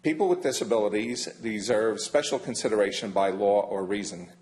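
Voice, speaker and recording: An older man giving a formal public comment at a county meeting, measured and emphatic, leaning hard on key words. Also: fairly low pitch, a little mellow. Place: county council chamber.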